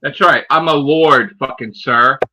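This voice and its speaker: A man's voice: medium pitch, measured pace, pushed and bright, rough recording. A man, ranting profanely and mocking on a casual stream chat as host. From United States. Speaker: channel host.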